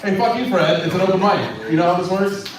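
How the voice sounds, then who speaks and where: A man's voice: high-pitched, expressive, quick pace. A man hosting an open mic, bantering with the crowd, teasing hecklers and introducing the next comic. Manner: brash and teasing, swears at online hecklers. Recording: echoey club from far off, with a loud crowd.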